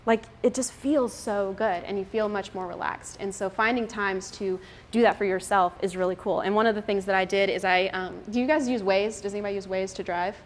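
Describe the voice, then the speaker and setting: A woman in her thirties gives a chatty, casual talk to a moms' group, laughing often and using many fillers. She speaks at a moderate pace in a mid-range voice with fairly even intonation, over a little hiss or hum.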